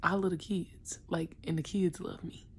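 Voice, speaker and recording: Husky-voiced young woman, slangy vlog talk. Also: lowish voice, moderate pace. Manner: animated, slangy, acts out kids' voices. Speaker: basketball coach and teacher.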